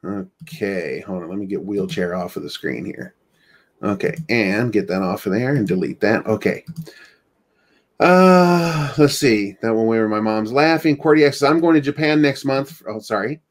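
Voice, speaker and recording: A man's voice: lowish voice, lively intonation, normal speed. Playful man hosting a livestream. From United States. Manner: playful, joking, reads chat comments aloud. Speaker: livestream host. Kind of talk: casual livestream chat.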